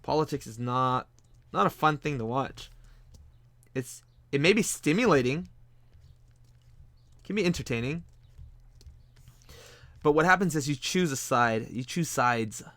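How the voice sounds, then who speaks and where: A man talks casually to his stream while drawing, circling back and repeating phrases as he thinks aloud. His voice sits at a middle pitch, recorded close and dry with no room sound. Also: expressive, a little slow, pauses often, fairly bright tone, dry recording. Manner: rambling, repeats phrases, frequent restarts. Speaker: streaming artist host.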